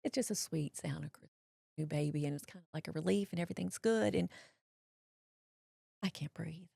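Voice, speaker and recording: A woman, telling a personal story as an interview guest, folksy and animated, acting out what others said. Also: lowish voice, fast talker, vocal fry, no room sound, clean studio sound. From Mississippi, US.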